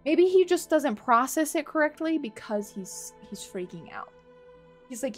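A woman's voice: on the high side, big pitch swings, a little slow, faint music behind. A woman live-streaming a game, chatting to viewers, swearing freely and laughing often.

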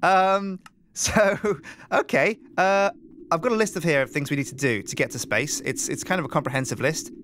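A man hosting a game let's play, chatting in an animated, rambling way and thinking aloud. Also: fairly high pitch, moderate pace, slight background noise. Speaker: host.

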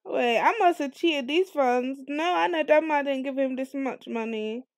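A woman narrates her life-sim game in casual, excitable commentary, swearing freely as she talks to her viewers. Her voice sits a little high. The sound is dry and close, with no room echo. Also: moderate pace. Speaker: let's play host.

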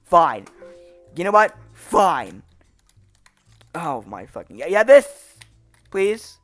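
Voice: mid-range voice, sing-song, slow pace, a bit bright, dry recording, soft background music. A gaming channel host giving gameplay commentary, frustrated and swearing, with raging outbursts.

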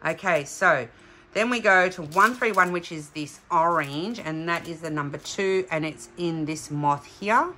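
A middle-aged woman from Australia chatting excitedly as she unboxes craft kits for her vlog. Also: on the low side, unhurried, a little hiss or hum. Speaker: craft vlogger. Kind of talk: casual unboxing chat.

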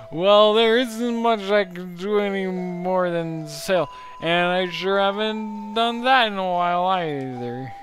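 A man's voice: sits high, slow, a bit bright, faint music behind, voice pushed up. A man voicing a drunken old male sailor with a slurred voice while reading a video game's dialogue aloud. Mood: boozy, wistful.

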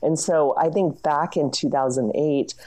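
A woman journalist and author answering interview questions in a brisk, explanatory way. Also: deep voice, dark tone. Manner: brisk, explanatory, frequent "you know" and "I mean".

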